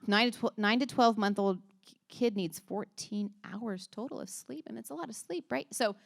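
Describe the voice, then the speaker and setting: A woman, likely in her thirties, shares stories and advice with a church moms' group in a warm, rambling, earnest way, stumbling over words and restarting sentences. Her voice sits at a middle pitch. The recording is close and dry, with almost no room sound. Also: normal speed, creaky, no room sound. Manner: chatty and earnest, with many restarts and laughs. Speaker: speaker at a church moms' gathering. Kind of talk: casual talk to a women's group.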